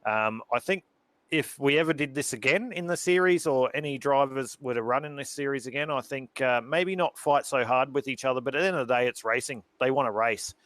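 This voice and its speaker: A man commentating a sim racing event who gets loud and excited during close battles. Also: medium pitch, brisk, dry recording. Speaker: race commentator.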